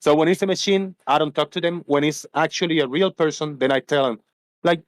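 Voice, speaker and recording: A man's voice: a little high, a little fast, no room sound. A man hosting a casual livestream, talking animatedly, swearing freely and acting out phone callers in a raised voice. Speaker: livestream host.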